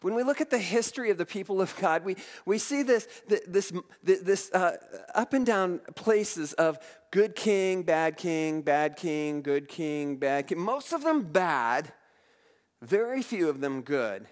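A man's voice: sits high, measured pace, long reverb tail. A man preaching a storytelling sermon, retelling and reading scripture with many restarts. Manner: animated, restarts often, reads scripture aloud. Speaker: pastor.

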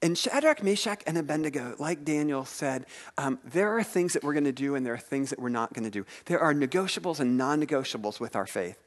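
A man preaching a sermon, retelling scripture stories in a lively way and asking his listeners questions. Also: fairly high pitch, brisk. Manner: animated storytelling preacher, asks the audience questions. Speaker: pastor.

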